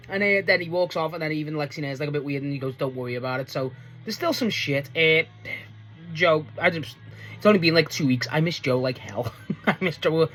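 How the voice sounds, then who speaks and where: A man giving a casual, rambling solo review recap, full of likes and ums, casual swearing, and bursts of pitch when he acts out quotes. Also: fairly bright tone. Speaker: show reviewer.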